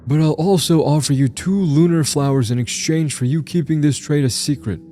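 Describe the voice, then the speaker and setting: A man voicing a gentle young man with dog ears, speaking calmly and kindly. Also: on the high side, normal speed, pitched above the performer's own voice, lightly acted. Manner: calm and friendly.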